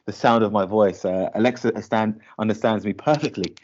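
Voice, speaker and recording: Low-voiced chatty man on a lo-fi call. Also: steady tone, brisk, a little mellow. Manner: chatty, laughs easily, frequent fillers. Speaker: podcast co-host. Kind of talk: casual podcast chat. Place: lives in Shanghai.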